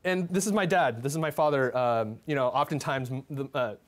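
A young man presenting his photographs in a talk, speaking in a halting, heartfelt way with many restarts and fillers. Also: mid-range voice. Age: young adult.

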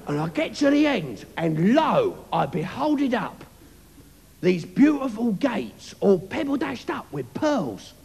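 A loud, swaggering show-off, as a male comedian puts him on, tells his tale. His voice is high and bouncy with a gravelly rasp. He rings out through a reverberant club with faint room noise. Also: sing-song, slow pace, heavily acted. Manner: brash, swaggering storytelling. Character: brash, boastful cockney working man. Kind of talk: live stand-up character comedy. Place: comedy club stage, live audience. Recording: reverberant live venue, faint ambience.

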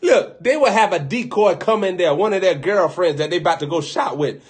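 A man preacher telling a comic, animated story, laughing often and acting out little scenes. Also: high-pitched, brisk. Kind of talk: comedic storytelling riff.

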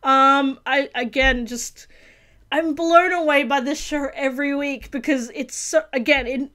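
High-voiced woman gushing in a reaction video. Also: steady tone, unhurried, sharp tone. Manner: earnest and gushing, with many restarts and fillers. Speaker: reaction channel host. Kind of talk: casual video reaction review.

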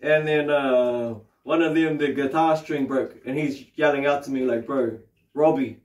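A man's voice: medium pitch, fairly even intonation, moderate pace. A man with a New Zealand accent teaching meditation in a loose, casual way, swearing freely and tagging his sentences with questions. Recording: roomy, distant mic.

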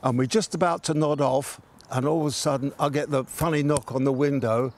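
Gravelly older man telling a story. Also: mid-range voice, steady tone, a little fast. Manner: chatty, laughs while telling, acts out voices in quotes. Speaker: guest telling an anecdote. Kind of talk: casual storytelling.

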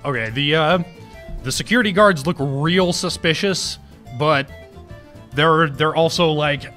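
A man's voice: on the high side, unhurried, pushed and bright, faint music behind. A man running a tabletop game as dungeon master, narrating in a loose way full of laughs and fillers.

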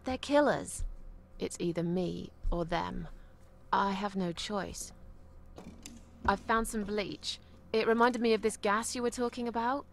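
A woman's voice: mid-range voice, measured pace, gravelly, a little hiss or hum. An actress voicing a kidnapped woman in a video game, tense and clipped. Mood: grim. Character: troubled woman kidnapped, desperate and defiant. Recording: game audio with loud music.

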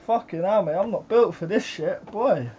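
British man, higher voice, excitable reaction chatter, swearing, muffled lo-fi sound, faint hiss. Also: a little slow. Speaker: music reaction host. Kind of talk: casual reaction commentary.

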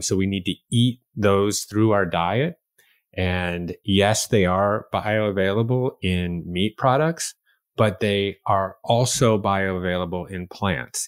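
A man's voice: deep voice, no echo, studio quality. A man hosting a podcast interview, summing up points in a thoughtful, affirming way. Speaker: podcast host. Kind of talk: interview conversation.

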